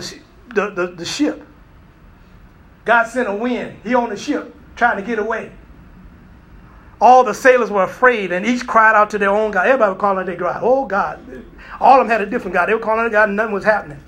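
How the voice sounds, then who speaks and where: A man's voice: very high-pitched, normal speed, pauses often. A male preacher delivering a sermon, telling stories animatedly and acting out voices. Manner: animated storytelling, acts out voices, laughs often.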